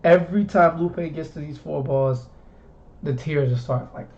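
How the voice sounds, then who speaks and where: Hosting a laid-back talk stream, a man from the southern US rambles and repeats himself as he goes. His pitch is fairly high, his tone darkish and his pace a little slow, and the recording sounds muffled with faint hiss.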